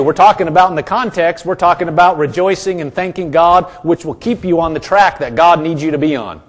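A man delivers a sermon in a church with a slightly high voice. He presses his points through repetition and has the congregation answer back. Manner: emphatic and repetitive, calls for congregation responses. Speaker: pastor.

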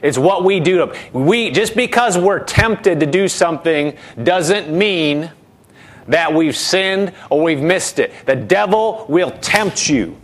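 A man preaching a sermon, earnest, repeating words for emphasis and dropping low and soft when he voices doubts. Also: animated, slow.

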